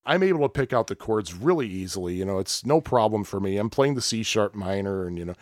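Animated man rambling through a story. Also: on the low side, fast, no echo, studio quality. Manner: rambling and animated, with frequent laughs and acted-out quotes. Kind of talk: casual storytelling chat.

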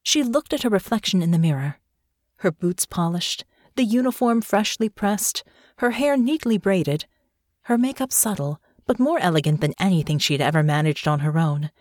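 A woman reads fantasy fiction aloud with a lively, swinging pitch and a mid-range voice. The sound is close and dry. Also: moderate pace, dry recording. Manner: expressive storytelling. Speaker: audiobook narrator. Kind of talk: scripted fiction narration.

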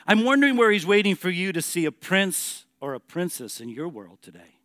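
A man preaching a sermon as a pastor, emphatic, moving between hushed and loud passages. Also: high-pitched, big pitch swings, a little fast, dry recording, clean studio sound.

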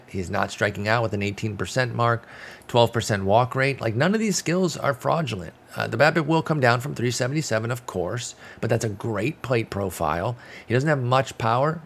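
A man hosting a casual fantasy baseball talk, rambling and correcting himself as he reads out stats. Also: mid-range voice. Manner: rambling, self-correcting, frequent fillers. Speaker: fantasy baseball podcast host. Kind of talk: casual analytical chat.

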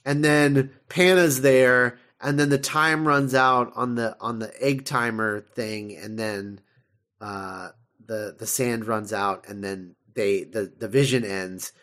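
A man's voice: medium pitch, fairly bright tone. A man co-hosting a podcast, casually recapping an episode with lots of laughter and fillers. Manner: chatty, laughs often, many fillers while retelling. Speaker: podcast co-host.

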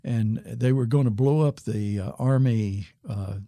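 A man's voice: medium pitch, warm tone, dry recording, clean studio sound. An older man, a former missionary pastor, telling a story in an interview and acting out the lines of the people in it. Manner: unhurried storytelling that acts out quoted dialogue.

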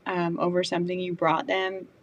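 A woman's voice: lowish voice, monotone, normal speed, dull audio, a little hiss or hum. A woman chef and hunter, a guest on a podcast, talking in a chatty way with many fillers and easy laughs. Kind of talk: casual interview.

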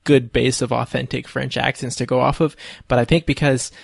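Gravelly, hesitant man chatting. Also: mid-range voice, flat delivery, fairly quick, dry recording, studio quality. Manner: thoughtful, hesitant, with fillers. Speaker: podcast co-host. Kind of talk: casual film discussion chat.

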